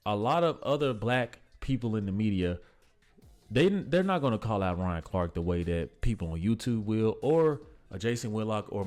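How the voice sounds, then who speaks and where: Man, deeper voice, casual vlog commentary, blunt, exasperated. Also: darkish tone. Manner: blunt and exasperated, often saying "bro". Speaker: sports commentary vlogger.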